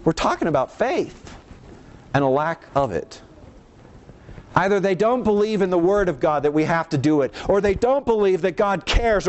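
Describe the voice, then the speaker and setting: Male preacher, slightly high voice, emphatic sermon delivery with rhetorical questions. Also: lo-fi sound. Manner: emphatic, swings between soft low and raised lines.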